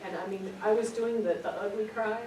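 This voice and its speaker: A woman's voice: medium pitch, steady tone, brisk, over a noisy crowd. Woman teaching in an echoey room. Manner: storytelling, earnest, repeats words for emphasis. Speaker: spiritual speaker. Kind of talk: informal spiritual teaching to a group. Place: meeting room. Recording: echoey room, distant mic, noisy.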